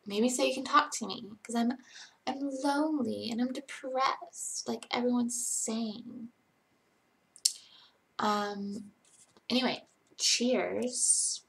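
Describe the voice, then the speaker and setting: A woman's voice: fairly high pitch, fairly even intonation, slow pace, gravelly, long pauses, fairly bright tone. A tired young woman chatting casually on a live stream, rambling and self-deprecating as she reads chat aloud.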